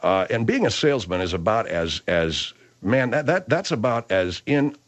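A man hosting a comedy show, talking in a rambling, halting way. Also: lowish voice, very animated. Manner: rambling, halting, many fillers. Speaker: show host.

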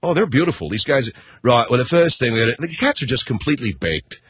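A man's voice: mid-range voice, big pitch swings, fast talker, a bit bright, a little hiss or hum. A middle-aged man hosting a talk show, telling a rambling, sarcastic comic rant with casual swearing and constant self-corrections. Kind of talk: comedic rant monologue.

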